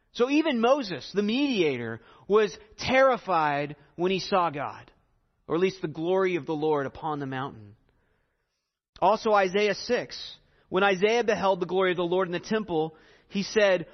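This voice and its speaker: A man delivers an animated, expository sermon in slow, emphatic phrases, his voice a little high for a man. The sound is dull and muffled, with a long reverb trailing behind him as though in a large hall.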